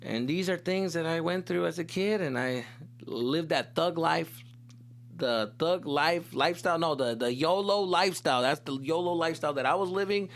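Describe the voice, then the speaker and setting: A man's voice: fairly high pitch, moderate pace, fairly bright tone. A man from Tucson, Arizona, hosting a podcast and telling a comic story in a casual, swearing, slangy way with Spanish mixed in. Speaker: comedian host.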